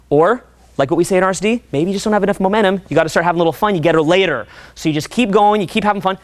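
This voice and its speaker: A young man coaching a seminar audience in a profane, animated way, often acting out voices. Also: high-pitched, fast, no echo. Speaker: dating coach. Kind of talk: seminar talk.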